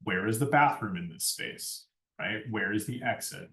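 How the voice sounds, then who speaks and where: A man's voice: fairly low pitch, expressive, moderate pace, pushed and bright. Lecturing man, echoey and far off. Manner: conversational, keeps asking "right?". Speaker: lighting design instructor. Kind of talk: classroom lecture. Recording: echoey room, far from mic.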